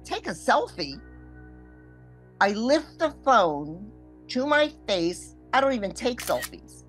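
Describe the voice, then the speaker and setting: An older woman recounting how she was scammed, acting out the voices of others and swinging between hushed and loud moments. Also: a little high, sing-song, slow, soft background music. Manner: vivid, acts out quoted voices, shifts between hushed and loud. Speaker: scam victim telling her story. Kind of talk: emotional first-person storytelling.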